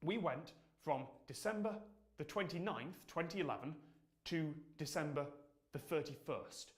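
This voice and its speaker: A man's voice: fairly high pitch, unhurried, pitched above the performer's own voice, lightly acted. A man voicing a polite caller who patiently explains things with hesitant "um"s. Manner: mild, matter-of-fact, hesitant "um"s.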